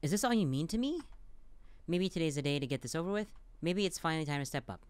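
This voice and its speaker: A man playing a dialogue-heavy game, reading the lines aloud and reacting between them with quick, playful asides. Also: fairly high pitch, expressive, clean tone, no room sound. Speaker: let's play gamer.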